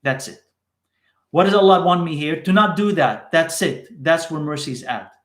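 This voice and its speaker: A man's voice: fairly high pitch, expressive, normal speed, roomy sound. A man teaching in a live question-and-answer session, repeating short phrases for emphasis.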